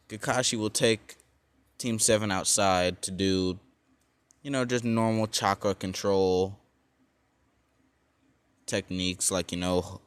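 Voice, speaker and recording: Low, slow, rambling young man. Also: clean tone, no echo. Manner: rambling, many fillers and self-corrections. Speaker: storyteller. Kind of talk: casual fan storytelling.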